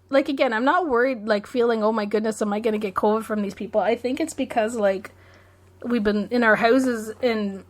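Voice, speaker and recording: A woman from Canada talks casually as a podcast co-host, slightly high-pitched. She sounds playful, and her speech is hesitant, with plenty of likes. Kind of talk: casual chat.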